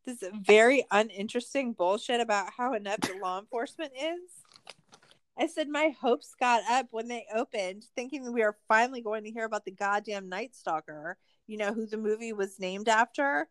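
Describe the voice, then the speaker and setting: A woman's voice: fairly high pitch, moderate pace, no room sound. A woman co-hosting a casual podcast, ranting with heavy profanity and sarcasm. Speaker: podcast co-host.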